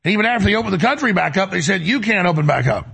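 A man's voice: sits high, lively intonation, rapid-fire, bright, forceful tone. A man hosting a talk show, delivering a heated, rambling monologue with emphatic repetition, from the United States. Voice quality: gravelly, raspy. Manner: emphatic, rambling, repeats words.

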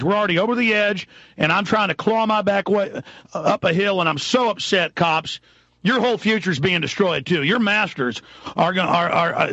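Furious ranting man with a gravelly voice. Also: high-pitched, no echo, lo-fi sound. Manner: ranting, furious, escalating to shouts. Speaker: radio talk show host. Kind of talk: live radio talk.

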